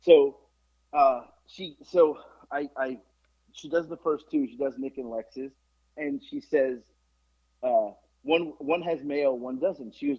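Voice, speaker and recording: A man's voice: measured pace, husky. A man co-hosting a podcast, telling a casual story with swearing and acted-out quotes. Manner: animated, swears, quotes people in lowered voices. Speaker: podcast co-host. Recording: muffled lo-fi podcast audio.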